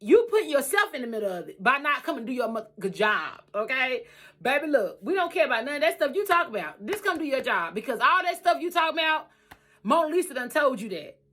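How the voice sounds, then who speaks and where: A woman vlogging her life story in a bright, forceful voice, talking casually and animatedly. She repeats phrases for emphasis and swings between loud and quiet. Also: high-pitched, sing-song, fairly quick.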